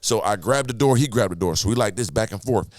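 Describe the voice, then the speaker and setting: A man, a podcast guest, telling an animated, profane story full of sound effects and acted-out quotes. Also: on the low side, fast talker, no room sound, studio quality.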